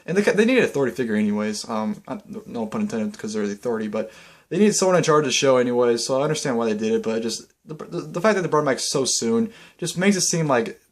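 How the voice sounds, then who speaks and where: Fast-talking young man rambling excitedly. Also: medium pitch. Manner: rambling, filler-heavy, excitable. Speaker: vlogger. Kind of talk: casual wrestling recap.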